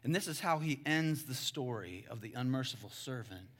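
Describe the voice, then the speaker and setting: A male pastor preaching a sermon in a conversational way, calling the crowd guys and swinging between hushed and loud. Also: mid-range voice, animated, moderate pace.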